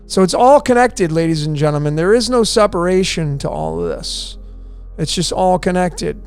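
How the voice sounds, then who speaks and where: A man's voice: sits high, very animated, moderate pace, clear, resonant tone, soft background music. A man presenting a conspiracy-style decoding video, emphatic and repetitive, firing off rhetorical questions and answering them himself.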